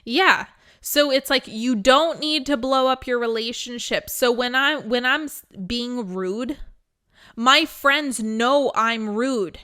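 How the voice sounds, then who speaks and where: Brief: candid woman teacher, slightly high pitched, crisp voice. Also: takes it slowly, pushed and bright. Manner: blunt, candid, laughs often. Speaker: spiritual teacher. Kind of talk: live teaching with Q&A.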